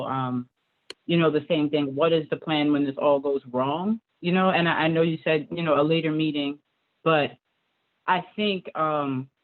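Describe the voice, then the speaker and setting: A woman speaking as a parent at a school board meeting, hesitant, with many fillers. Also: on the low side. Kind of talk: public comment on a call. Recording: tinny phone-like call audio.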